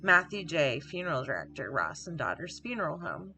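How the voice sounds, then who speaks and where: A woman's voice: low-pitched, very animated, a little fast, bright, forceful tone. A woman giving casual gameplay commentary, reading on-screen emails aloud and adding offhand asides. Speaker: let's play gamer. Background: game music.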